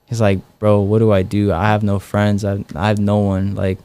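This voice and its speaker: A man's voice: on the low side, completely flat delivery, normal speed, warm tone, smooth. A young man, a street evangelist, telling stories in a casual interview, full of fillers and acted-out dialogue. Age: young adult. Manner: rambling, many fillers and quoted dialogue.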